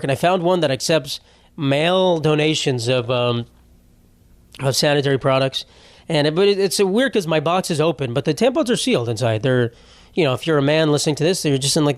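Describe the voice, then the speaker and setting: A man's voice: a little high, no echo. A man hosting a solo comedy podcast, telling rambling, profane, self-mocking stories in casual talk. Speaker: podcast host. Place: home setup.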